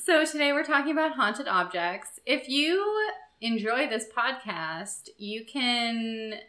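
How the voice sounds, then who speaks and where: A woman's voice: a little high, animated, sharp tone. Giggly lady cohosting a podcast, chatty and playful, roomy echo. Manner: playful, giggly, quick to joke. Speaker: podcast co-host. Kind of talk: casual chat.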